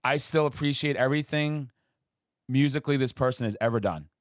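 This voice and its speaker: A man hosting a casual interview, telling stories with excitement and acting out quotes in high voices. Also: brisk, no room sound, studio quality. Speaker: podcast host.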